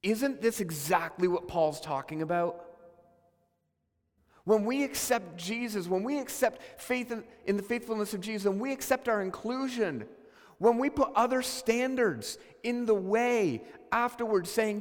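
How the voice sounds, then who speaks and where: Male pastor, sermon delivery, earnest and questioning, high-pitched, hall echo. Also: measured pace. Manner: earnest, questioning, with many restarts.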